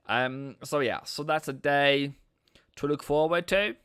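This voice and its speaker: A man's voice: on the high side, normal speed, sharp tone, smooth. A man from Norway, hosting a casual live trading stream, playful and chatty with viewers, tossing in silly sound effects. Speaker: forex trading livestream host.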